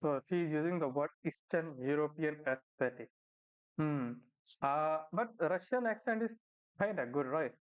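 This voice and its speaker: A man's voice: on the high side, measured pace, clear, resonant tone. A man with an Indian accent from India, casually reacting to a video with many fillers and tag questions. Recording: tinny phone-like sound.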